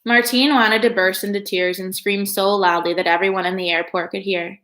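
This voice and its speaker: A woman reads a children's novel aloud, calm and steady, pausing to reflect between chapters. Her voice sits at an ordinary middle pitch. The sound carries the ring of an echoey room.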